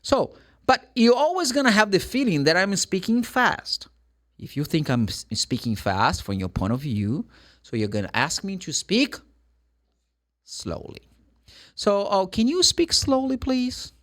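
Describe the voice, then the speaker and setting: A middle-aged man from Brazil, a native Portuguese speaker with a Brazilian accent, giving a casual English lesson and slowly spelling words out letter by letter. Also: high voice, very animated, fairly bright tone. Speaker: English teacher.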